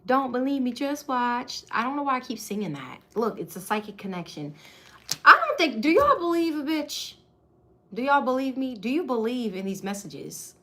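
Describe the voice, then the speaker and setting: A woman's voice: on the high side, a bit bright. Giggly, chatty woman tarot reader. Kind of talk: casual tarot reading to camera.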